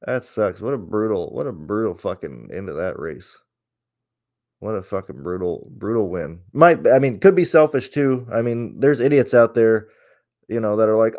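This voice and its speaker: Low-voiced man venting on a stream. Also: expressive, moderate pace, a little mellow. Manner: rambling and profane, with many restarts; frustrated and venting. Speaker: host. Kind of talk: casual livestream chat.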